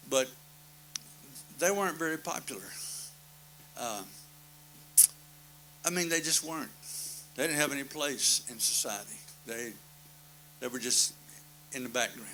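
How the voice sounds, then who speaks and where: Male preacher, folksy plain-spoken sermon delivery, bright and forceful tone. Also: mid-range voice, a little hiss or hum, rough recording. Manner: folksy, plain-spoken storytelling with repeated refrains.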